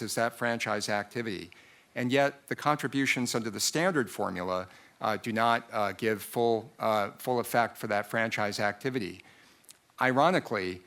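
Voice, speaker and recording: Taxpayer's advocate at a board hearing: male, gravelly and bright-toned, methodical delivery with frequent fillers. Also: mid-range voice. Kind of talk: formal argument before a board.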